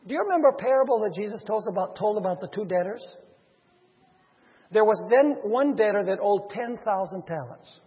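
A man preaching a sermon, acting out the figures of a parable with sudden swings between loud and soft. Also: high-pitched, expressive, brisk, husky. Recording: dull reverberant hall sound.

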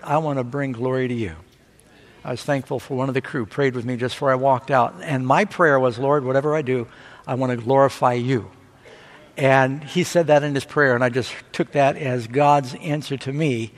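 A man preaching a sermon, telling stories with rising excitement and asking the audience for amens. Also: mid-range voice. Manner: animated storytelling preacher. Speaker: pastor. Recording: long hall reverb.

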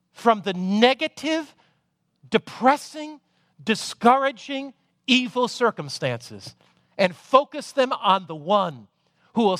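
A man preaching a sermon, moving between loud emphasis and hushed, intimate passages. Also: extremely high pitch, dry recording, studio quality. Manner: dramatic, swings from loud to hushed.

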